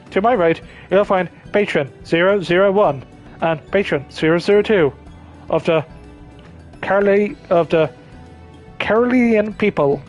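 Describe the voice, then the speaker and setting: A man's voice: sits high, rough recording. A man voicing a precise, formal male machine unit that runs a cafe, reading game dialogue in clipped, clinical phrasing.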